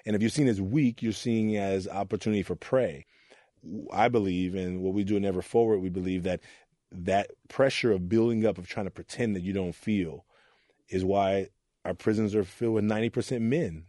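Man, low and warm, earnest interview storyteller; quotes people in little voices. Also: no echo, studio quality. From Oakland, California. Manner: earnest, acts out voices in his stories. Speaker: youth mentor.

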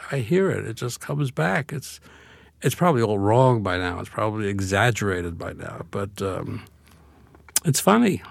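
A man's voice: lowish voice, sing-song, normal speed, gravelly, dry recording. An older man from Brooklyn being interviewed, talking in a wry, reflective way and laughing easily. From Brooklyn, New York. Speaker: interview guest, author. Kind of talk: conversational interview.

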